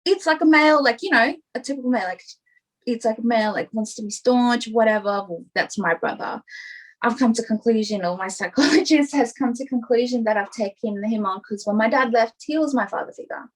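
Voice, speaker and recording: Candid young woman, slightly high voice. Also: brisk, low-quality recording. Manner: candid and rambling, full of "like" and "you know". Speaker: podcast guest. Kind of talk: casual interview chat.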